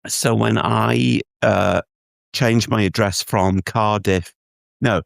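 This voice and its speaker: A man's voice: lowish voice, steady tone, slow pace, creaky, no echo, studio quality. A man co-hosting a podcast, telling a rambling story in casual chat, laughing often and restarting his sentences. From England. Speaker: podcast co-host.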